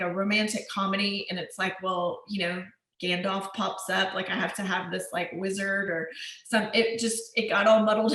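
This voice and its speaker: A woman's voice: medium pitch, bright, forceful tone. A woman giving a casual workshop talk on screenwriting, rambling and conversational, correcting herself and laughing lightly as she goes. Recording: echoey room.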